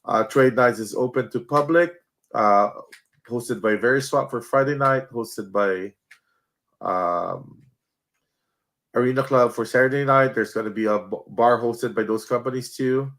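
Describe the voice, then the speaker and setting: A man, a guest who organizes a card show, chatting casually and then promoting the event, pausing often with fillers. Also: mid-range voice, a bit bright. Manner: halting, many fillers.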